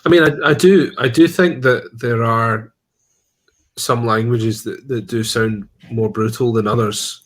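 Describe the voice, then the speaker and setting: A man's voice: medium pitch, fairly even intonation, unhurried. Man, game host, casual chat, dry teasing, remote call from home. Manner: dry teasing, hesitant restarts. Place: at home during lockdown.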